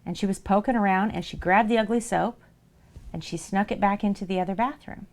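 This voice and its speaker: A woman's voice: mid-range voice, a little fast. A woman who makes soap, telling a playful story during a casual livestream. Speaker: soap maker streaming live.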